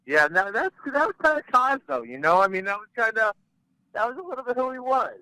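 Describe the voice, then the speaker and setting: Guy on a podcast, blunt and rambly, bright voice, kinda high, dry sound. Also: big pitch swings, a little fast, clean tone, no room sound, poor audio. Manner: blunt, rambling, repeats words when starting. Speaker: podcast guest, fighter. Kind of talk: casual chat.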